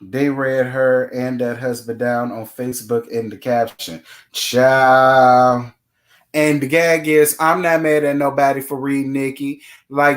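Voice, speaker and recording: A man hosting a casual live stream, greeting chat viewers by name and giving blunt, sassy commentary full of swearing. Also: medium pitch.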